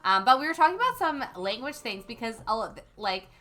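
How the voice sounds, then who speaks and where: A woman's voice: on the high side, very animated, a little fast, pushed and bright, faint music behind. A young woman hosting a casual gaming livestream, chatting and reading viewer comments aloud with lots of ums. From Canada. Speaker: livestream host.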